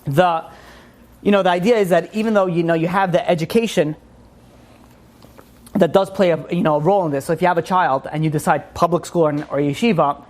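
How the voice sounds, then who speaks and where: A man giving an informal religious class, rambling with many restarts and animated asides. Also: a little high, a little fast. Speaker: Torah teacher.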